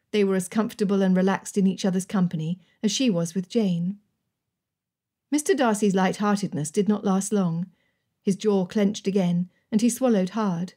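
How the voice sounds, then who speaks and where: Mellow, breathy woman narrating a romance. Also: medium pitch. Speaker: audiobook narrator. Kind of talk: scripted narration.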